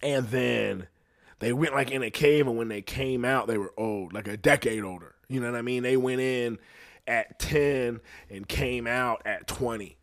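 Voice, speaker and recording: A man hosting a podcast, rambling through a casual comedic monologue full of swearing. He keeps checking in with the listener and swings between loud and quiet phrases. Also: moderate pace. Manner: rambling and profane, constantly asking "you know what I'm saying"; animated, pitch and loudness swinging widely between phrases. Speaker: podcast host.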